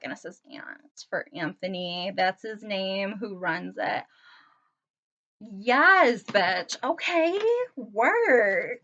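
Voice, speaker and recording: Gushing young woman, slow lo-fi unboxing. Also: mid-range voice, slight background noise. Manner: gushing, excitable, slangy. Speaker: vlogger. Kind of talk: casual unboxing chat. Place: her reading room at home.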